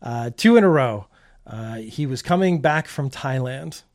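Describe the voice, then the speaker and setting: A man's voice: mid-range voice, animated, measured pace, darkish tone. A middle-aged man hosting a comedic news commentary show, delivering stories in a wry, sarcastic way and chuckling at his own jokes.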